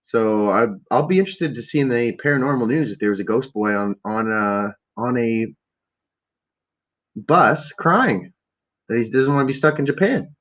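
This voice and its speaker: A Canadian man hosts a podcast, his medium-pitched voice moving a little fast with hardly any pauses. He tells a meandering story in a casual, rambling monologue, often trailing off into fillers and restarts.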